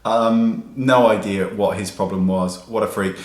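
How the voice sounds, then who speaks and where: A man's voice: on the low side, steady tone, measured pace. A man, a makeup artist, telling a chatty, indignant story to his viewers in a casual vlog. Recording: echoey room with faint hiss.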